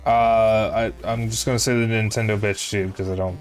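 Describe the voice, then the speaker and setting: A man's voice: on the low side, level tone, normal speed, hardly any pauses, faint music behind. A man streaming a retro game, talking casually and sarcastically to his chat while he plays. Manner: sarcastic, joking, talks to chat while playing. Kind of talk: casual gameplay commentary to chat.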